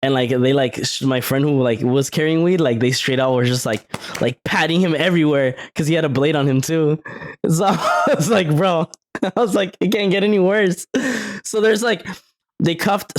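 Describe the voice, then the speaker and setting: This young podcast co-host tells lively stories in a casual chat, laughing frequently, with a voice that sits in the mid-range.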